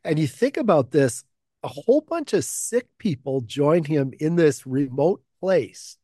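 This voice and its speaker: A man's voice: a little high, big pitch swings, unhurried, warm tone, no room sound, clean studio sound. A man leading an informal Bible study, talking through a passage conversationally, asking rhetorical questions and often restarting his phrases. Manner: conversational, thinking aloud with frequent fillers and restarts.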